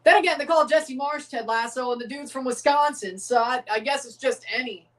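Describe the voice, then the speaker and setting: A man's voice: very high-pitched, a little fast, fairly bright tone. Guy rambling thru a live match watchalong, laughy casual drawl, kinda far off the mic. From United States. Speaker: streamer reacting to a match.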